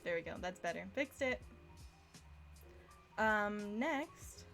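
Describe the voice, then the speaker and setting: A woman's voice: mid-range voice, lively intonation, takes it slowly, a bit bright, faint music behind. A young woman giving a casual live-streamed language lesson, chatty and self-deprecating, often laughing at herself. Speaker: language teacher.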